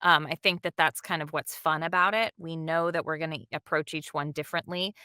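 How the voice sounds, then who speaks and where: An animated woman chatting enthusiastically about directing a dub, with quick asides. Her voice is low but bright and forceful. The sound is dry and close, with no room around it. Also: smooth, no room sound. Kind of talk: casual interview chat.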